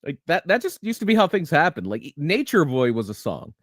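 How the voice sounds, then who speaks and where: A man's voice: fairly high pitch, very animated, a little fast, no room sound, clean studio sound. A man co-hosting a casual wrestling podcast, telling stories with many restarts and chuckles. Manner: rambling storyteller, many restarts, laughs. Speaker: podcast co-host.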